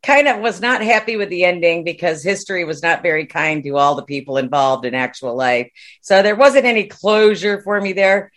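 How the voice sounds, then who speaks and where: A woman's voice: fairly low pitch, animated, normal speed, a bit bright. A woman chatting casually on a podcast, talking loosely about what she has been watching. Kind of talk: casual chat.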